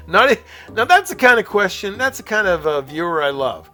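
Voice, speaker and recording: Male call-in show host, slightly high, bright forceful tone, rambling upbeat patter, faint music underneath. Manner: chatty, upbeat, rambling with fillers and laughs. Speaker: podcast host taking phone calls. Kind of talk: casual radio-style chat and sponsor reads.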